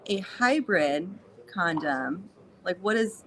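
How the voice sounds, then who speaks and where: A woman's voice: mid-range voice, big pitch swings, fairly quick, noisy background. A woman co-hosting a casual live stream, playful and asking eager questions. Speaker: co-host.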